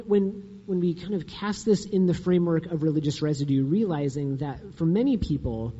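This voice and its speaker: A man with a husky, very mellow voice explains his ideas earnestly in a casual interview. He speaks a bit higher than most men. The sound is dull and trails off in a long reverb. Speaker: guest author.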